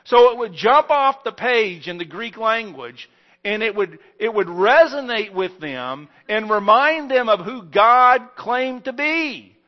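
A male preacher with a high voice delivers an emphatic sermon, pushing some phrases out loud and slow, then dropping others low and quiet. The recording is dull and lo-fi, like a plain church capture. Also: animated. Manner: emphatic preaching with wide swings in loudness and slow stressed phrases. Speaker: pastor.

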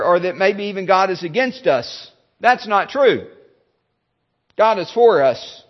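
A male pastor giving a sermon, halting, with many fillers and restarts. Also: high voice, dull audio.

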